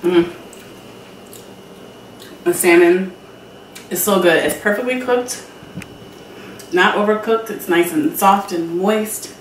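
A woman's voice: mid-range voice, a little slow, pauses often, slight background noise. Chatty woman hosting a cooking show. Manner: chatty, addresses viewers directly. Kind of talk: casual cooking demonstration. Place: home kitchen. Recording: roomy kitchen sound, mic at a distance.

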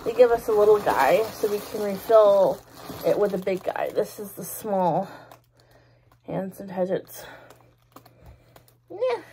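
Woman, 20s, warm and giggly casual vlogger. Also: mid-range voice, very animated, unhurried, long pauses, a little hiss or hum. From Canada. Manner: giggly, rambling, exclaims often. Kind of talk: casual chatty vlog.

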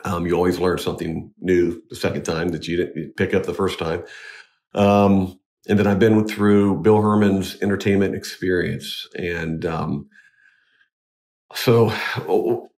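A man, a wedding DJ, talking in a casual interview, halting with many restarts but earnest. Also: sits low, fairly even intonation, gravelly, a little mellow. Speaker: wedding DJ and MC, guest.

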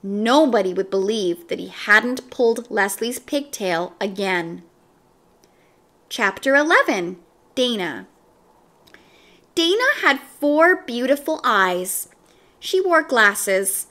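Slow, animated woman reading a storybook. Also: fairly high pitch. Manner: expressive, animated storybook narration. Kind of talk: reading a children's book aloud.

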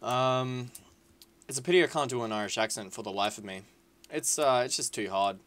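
A man giving casual, excitable gameplay commentary, swearing freely and calling his viewers lads and boys. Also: mid-range voice, brisk. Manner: excitable, swears a lot, shouts at big moments. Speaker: gaming video creator.

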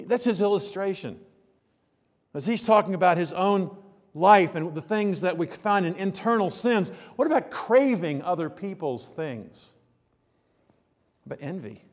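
A man preaching a sermon as a pastor, in a conversational style that swings between hushed asides and loud emphasis. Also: on the high side, big-room sound. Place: church sanctuary.

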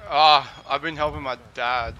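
A young man streaming a game, with a bright, fairly high voice and a laid-back, swearing manner. A faint hiss of noise sits under his voice. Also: steady tone, a little slow, dull audio. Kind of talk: casual gaming chat.

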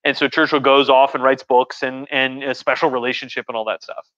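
Eager, bright-voiced man lecturing on stream. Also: mid-range voice, little pitch movement, a little fast, dull audio. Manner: rambling and enthusiastic, many restarts. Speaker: history professor hosting a livestream. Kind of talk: casual lecture on a live stream.

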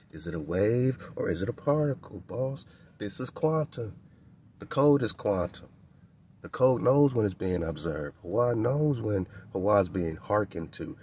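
Hosting a radio program, this man preaches a spiritual monologue in street slang, repeating himself for emphasis, tacking "man" onto phrases, and chuckling between points. The voice is lowish and dark, with a little hiss or hum.

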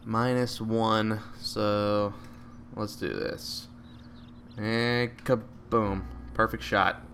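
A man giving live, joking commentary over a video game, with excited outbursts at each shot. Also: on the low side, slow, creaky, a little hiss or hum. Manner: excitable, joking, bursts out at shots. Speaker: gameplay commentator.

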